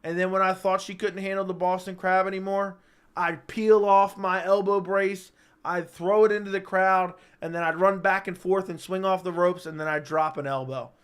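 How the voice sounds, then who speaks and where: A man's voice: high-pitched, steady tone, moderate pace, clean tone. A young man hosting a live-stream chat, rambling and joking as he reads viewer comments aloud.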